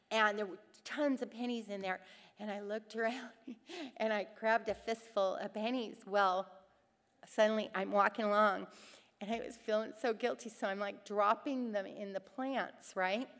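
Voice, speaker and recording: A middle-aged woman teaching a women's Bible study, telling personal stories with lively voices for the people in them. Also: a little high, long reverb tail. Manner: animated storytelling, acting out quoted voices.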